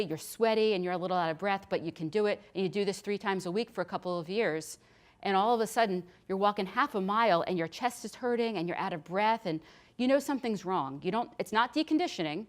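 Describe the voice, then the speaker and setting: A middle-aged woman nurse practitioner giving a chatty, practical health lecture. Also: medium pitch. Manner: chatty and practical, with frequent restarts. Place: hospital lecture room.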